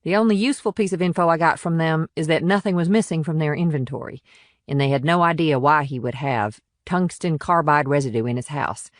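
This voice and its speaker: A woman's voice: low voice, fairly quick, no room sound, clean studio sound, close to an everyday voice. A woman voicing a blunt, plainspoken small-town police officer in an audiobook. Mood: matter-of-fact. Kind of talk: audiobook character reading.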